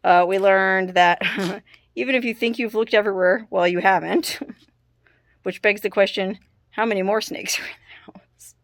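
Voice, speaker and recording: A woman's voice: mid-range voice, steady tone, moderate pace. A young adult woman vlogging casually, distressed and apologetic, with nervous laughs. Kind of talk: casual vlog talk to camera. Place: hot house and shaded yard.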